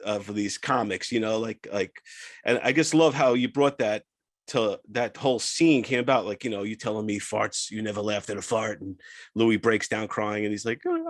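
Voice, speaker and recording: A man hosting a casual interview, halting and stammering, eager and enthusiastic. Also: lowish voice, no room sound. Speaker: podcast host.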